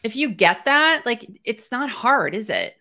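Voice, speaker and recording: Woman host, bright clear tone, animated and talkative coach, casual interview. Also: a little high, a little slow. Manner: lively, talkative, laughs often. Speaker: art business coach and host.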